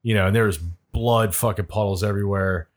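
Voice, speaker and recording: Laid-back man swapping rough stories. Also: fairly low pitch, fairly even intonation, fairly quick. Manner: profane, laid-back anecdotes. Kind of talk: casual storytelling chat.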